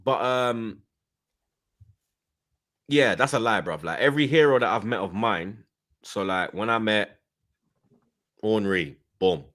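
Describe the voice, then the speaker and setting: A young man with a lowish voice hosts a fan channel stream, speaking a little slowly with long pauses. He reads out chat and tells animated stories loaded with slang, laughing and doing voices.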